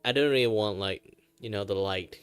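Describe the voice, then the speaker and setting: A man from Malaysia chatting casually on his art livestream, rambling with many fillers and frequent chuckles in a relaxed, low natural voice. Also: normal speed, smooth. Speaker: VTuber art streamer.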